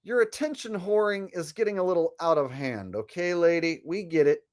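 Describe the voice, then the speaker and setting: A woman giving sarcastic reaction commentary on video clips, her pitch lively and animated. She talks bluntly and swears freely, mid-pitched. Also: normal speed. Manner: sarcastic, profane.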